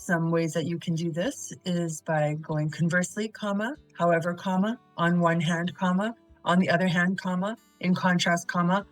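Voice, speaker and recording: A woman's voice: on the low side, low-quality recording. A woman teaching essay writing, who works through example sentences and practice exercises one at a time in a patient, methodical way. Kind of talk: instructional lesson narration. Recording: light guitar music behind.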